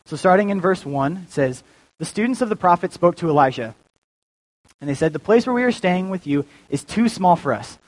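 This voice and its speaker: A man's voice: high-pitched, expressive, fairly quick, rough recording. A young man giving a casual, joking sermon as a youth pastor, full of fillers and restarts. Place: church.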